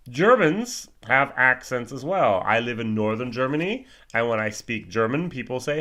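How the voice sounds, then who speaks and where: A man's voice: mid-range voice, lively intonation, normal speed, few pauses, sharp tone. Chatty American man reviewing whisky. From United States. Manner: chatty and digressive, spells words out letter by letter. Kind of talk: casual spoken review.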